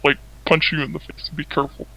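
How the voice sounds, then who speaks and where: A man's voice: a little high, little pitch movement, quick pace, gravelly, pushed and bright, rough recording. A man, the anonymous guest, telling a personal story casually with lots of fillers and swearing. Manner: fillers and swearing, acts out quoted lines. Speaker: anonymous interviewee.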